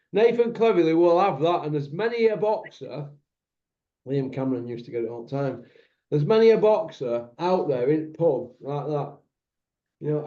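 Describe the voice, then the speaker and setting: A man's voice: on the high side, mellow. A man, hosting a casual chat and telling candid, rambling stories with banter. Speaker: podcast host. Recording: echoey room, dull lo-fi sound.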